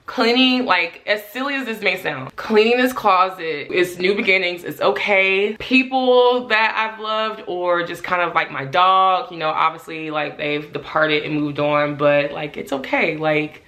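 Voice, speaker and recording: A chatty woman talks straight to her viewers in a loose, rambling vlog style, with "like" strewn through every sentence. Her voice sits a bit low but comes across bright and forceful. The home office around her rings with a roomy echo. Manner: chatty, rambling, heavy use of "like", addresses viewers directly. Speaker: home decluttering vlogger. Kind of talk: casual vlog chat to camera.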